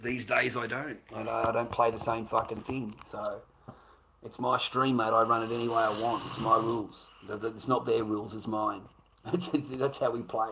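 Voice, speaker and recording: A man's voice: lowish voice, bright, forceful tone, low-quality recording. Swearing Australian man ranting on stream. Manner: profane, rambling, repeats himself. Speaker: livestreamer. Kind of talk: casual livestream rant.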